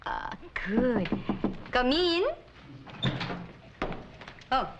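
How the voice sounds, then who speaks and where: Brief: a slow, coy chanteuse with a fake French accent, fussing over her dog, voice sitting a bit high. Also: big pitch swings, muffled recording, background noise, heavily acted. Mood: coy, cooing. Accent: put-on French. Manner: affected, fussy, cooing. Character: vain woman singer doting on her lap dog. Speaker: traveling singer.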